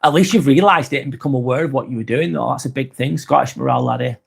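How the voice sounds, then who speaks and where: A man's voice: medium pitch, quick pace, gravelly, slightly rough. A man hosting a live vlog, answering chat in a rambling, frank way, swearing often and restarting sentences. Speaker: host.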